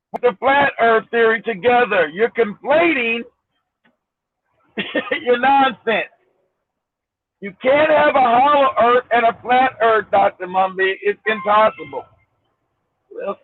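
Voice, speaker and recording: A man's voice: extremely high pitch, measured pace, pauses often, no room sound. A man hosting a show, talking in loose, mocking, rambling commentary with frequent laughs. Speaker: show host. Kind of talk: casual commentary. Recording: dry tinny phone-like line.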